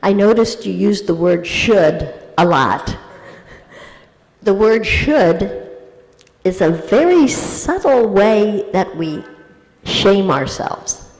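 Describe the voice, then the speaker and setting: A woman spiritual teacher answering a question in a gentle, conversational devotional talk, acting out inner voices as she goes. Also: medium pitch, expressive, slow, pauses often. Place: temple hall. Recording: reverberant hall.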